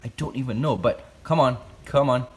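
A man vlogging as he handles a spider, jumpy and excitable, talking to his viewers and coaxing the animal, recorded on a phone at home. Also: mid-range voice, moderate pace, a little hiss or hum. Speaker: tarantula keeper vlogger. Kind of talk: casual vlog narration. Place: room at home. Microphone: phone camera.

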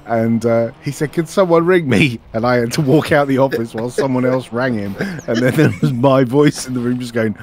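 A man's voice: mid-range voice, fairly even intonation, a little fast, hardly any pauses, a little mellow. A man telling office prank stories in casual chat, laughing along as he goes. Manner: laughs through anecdotes. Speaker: stream co-host.

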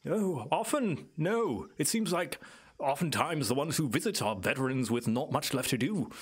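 A man's voice: fairly high pitch, animated, moderate pace, breathy edge. A man voicing a courteous, well-read male ettercap islander in a tabletop game, speaking in polite, formal phrases. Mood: explanatory. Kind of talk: tabletop role-play character voice.

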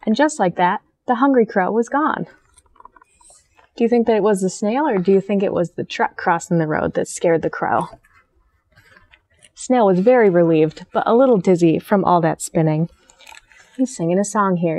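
A young woman who works as a children's librarian, reading a picture book aloud to children. Her narration is gentle and friendly, like a teacher's, and her voice sits at a medium pitch. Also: moderate pace, pauses often. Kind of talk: storytime read-aloud for children.

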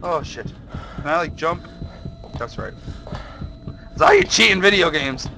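In this low-quality clip, a young man hosting a gaming video plays a horror game and narrates for viewers over a headset. His voice sits on the high side, swings widely in pitch, carries vocal fry, and moves unhurriedly, though he's jumpy and mutters curses as he goes.

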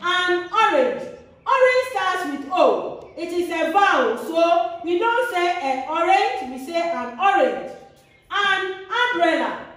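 A woman teaching a grammar lesson, repeating each example slowly with a sing-song lilt. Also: very high voice, sing-song, fairly bright tone. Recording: very echoey room, voice far from mic.

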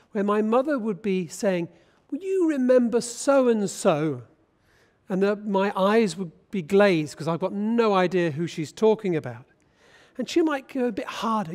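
A British bishop delivers a sermon in a church, his voice sitting high for a man. He speaks in an easy, conversational way, often turning to ask his listeners questions. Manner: conversational, asks the congregation questions. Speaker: bishop preaching.

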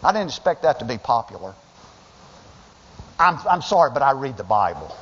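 A man's voice: medium pitch, big pitch swings, normal speed. A male pastor preaching a sermon with passion, stumbling over restarts and acting out the voices of people in the story. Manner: impassioned, acts out quoted voices, stammering restarts. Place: church sanctuary. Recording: dull sound in a long-reverb sanctuary.

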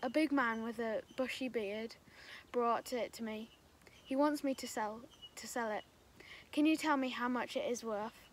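A woman's voice: a little high, normal speed, slight background noise, close to an everyday voice. A woman voicing a polite, honest male shopkeeper in a children's story, plainly explaining. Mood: earnest.

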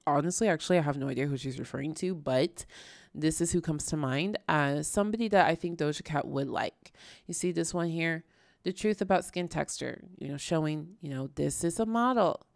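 Woman, casual reaction host, lowish voice, dry close sound, rambling and exasperated. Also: vocal fry, no echo. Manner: chatty, exasperated, lots of fillers and restarts.

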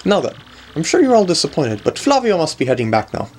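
A haughty, theatrical nobleman boasting of his riches, as a man reads out his lines. The voice sits fairly high and swings widely up and down, full of scorn and grandeur. Soft game music runs underneath. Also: wildly swooping pitch, fast. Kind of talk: reading game dialogue aloud.

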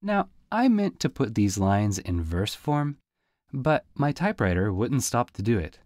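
A man narrating a storybook audiobook in a lively, folksy way. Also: mid-range voice, measured pace, no room sound, clean studio sound. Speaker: audiobook reader.

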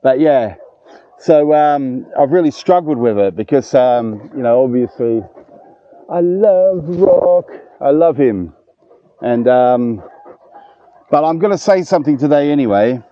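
A man's voice: medium pitch, expressive, unhurried, no echo, lo-fi sound. A man in his fifties vlogging casually outdoors at a dog kennel, chatty and emotional. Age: 50s. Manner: emotional, chatty, warm-hearted. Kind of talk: casual vlog talk to camera.

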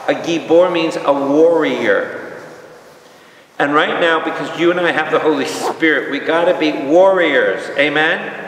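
New priest, lively Bible teacher, quizzes the crowd, distant echoey hall. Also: male voice, on the high side, unhurried, slight background noise. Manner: animated, asks the audience questions, acts out quotes.

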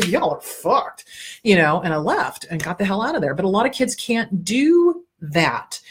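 A middle-aged woman, a therapist hosting a talk show, giving blunt, animated advice with lots of swearing. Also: medium pitch. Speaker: therapist host.

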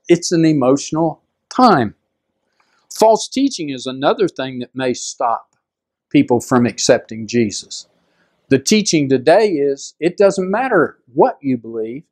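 A middle-aged male pastor, preaching conversationally and acting out the people in his story. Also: darkish tone. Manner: conversational, acts out quoted voices with rising pitch. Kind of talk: storytelling sermon.

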